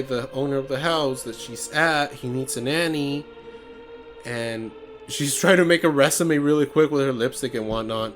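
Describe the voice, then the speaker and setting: Rambling, chatty podcast co-host man. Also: mid-range voice. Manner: rambling, chatty, full of fillers. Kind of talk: casual chat.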